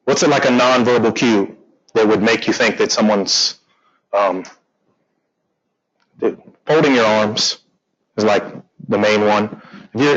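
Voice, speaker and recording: A man teaching a real estate class, animated and joking, acting out conversations with clients. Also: lowish voice, muffled recording, slight background noise. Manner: animated, joking, acts out quotes. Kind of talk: classroom training talk.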